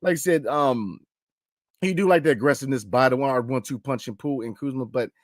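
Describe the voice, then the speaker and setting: A man hosting a sports podcast late at night, reading listener comments and talking in an animated casual way, full of slang and repeated fillers. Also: medium pitch, a little fast, no room sound, clean studio sound. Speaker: podcast host.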